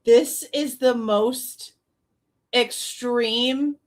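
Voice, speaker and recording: A woman's voice: fairly high pitch, fairly even intonation, drawn-out words. A woman streaming true-crime reaction commentary, incredulous and laughing, cursing freely.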